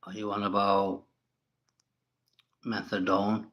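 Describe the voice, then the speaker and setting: A man's voice: fairly low pitch, little pitch movement, takes it slowly, fairly bright tone. A man hosting a casual livestream, reading viewers' comments and answering them bluntly, with plenty of swearing and rambling. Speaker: livestream host.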